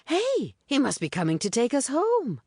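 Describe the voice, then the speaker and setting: In an audiobook, a woman voices a hopeful, teasing young female friend, pitching above her own natural voice. Her delivery is a little high with huge pitch swings at a measured pace, recorded dry in studio quality.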